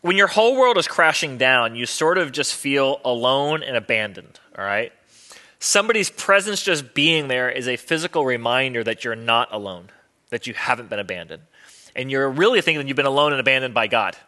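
A man's voice: medium pitch, expressive, a little fast, bright, forceful tone. A man preaching a sermon as pastor in a conversational, earnest way with wry humor.

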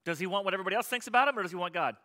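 A man preaching a sermon as pastor, swinging from loud, impassioned pleading to quiet explanation. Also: high voice, very fast.

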